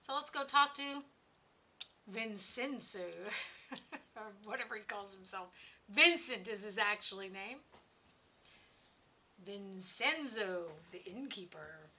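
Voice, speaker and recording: Casual: chatty gamer girl streaming, laughs a lot, super bright voice. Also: mid-range voice, expressive, slow pace, pauses often. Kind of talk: casual gaming commentary.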